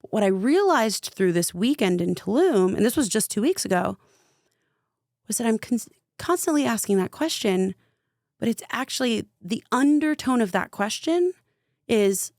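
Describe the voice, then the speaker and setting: A woman's voice: fairly high pitch, sing-song, normal speed, a little mellow, dry recording, studio quality. A young adult woman, a spiritual coach guesting on a podcast, telling a personal story in a casual, chatty way full of fillers. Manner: chatty, fillers of "like", vivid retelling.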